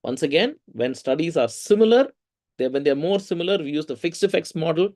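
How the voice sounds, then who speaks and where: A man with an Indian English accent teaching a research methods course in a lively, conversational way, often asking the audience questions. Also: fairly high pitch, brisk. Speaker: lecturer.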